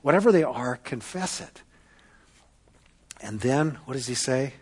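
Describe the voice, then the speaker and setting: A man preaching a sermon to a congregation, swinging between loud, emphatic calls and hushed, quiet passages. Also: medium pitch, animated, unhurried, slightly rough. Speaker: pastor.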